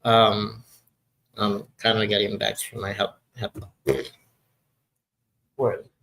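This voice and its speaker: Gravelly low-voiced man in his sixties. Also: monotone, slow pace, sharp tone, low-quality recording. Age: 60s. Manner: rambling, often loses his train of thought. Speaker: livestream host. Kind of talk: casual live chat.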